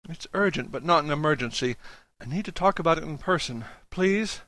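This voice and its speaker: A strained, tearful young man begs for help in a raised, bright tone, as a male audiobook reader puts him on. The reading is recorded dry and close, with no room sound. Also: on the high side, animated, brisk, dry recording, pitched above the performer's own voice. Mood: pleading. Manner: strained, near tears. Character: anxious young man, desperate, pleading for help.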